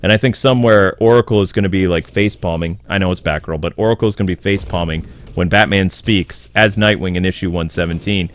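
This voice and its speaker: A man hosting a casual comic book commentary video, animated and sarcastic, sounding exasperated as he riffs and jumps into quick character voices. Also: deep voice.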